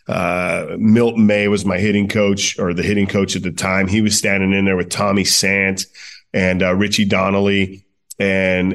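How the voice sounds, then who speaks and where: A man in his forties with a fairly low voice, a baseball manager on a podcast. He tells his stories in a chatty, relaxed way, full of fillers and laughter. The talk stays loose and conversational. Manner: chatty, laughs through anecdotes, many fillers. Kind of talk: casual interview storytelling.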